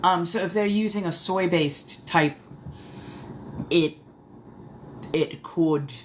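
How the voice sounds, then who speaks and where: A woman's voice: sits low, a little hiss or hum. Theatrical woman with an old colonial accent. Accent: put-on old colonial mix of English, Scottish and Irish. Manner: theatrical, genteel, answers chat with drawn-out exclamations. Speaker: live streamer. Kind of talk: casual live chat in a vampire persona.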